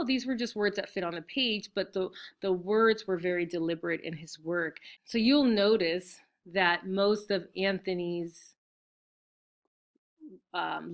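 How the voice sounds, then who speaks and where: A woman's voice: lowish voice, a bit bright. A woman teacher giving a recorded lesson, explaining step by step with fillers and frequent "right?" check-ins.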